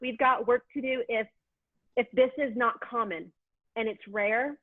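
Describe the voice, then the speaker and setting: Brief: upbeat woman interview guest, higher voice, heard over a dry phone line. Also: no room sound. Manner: lively, emotional, quick asides. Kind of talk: casual interview storytelling.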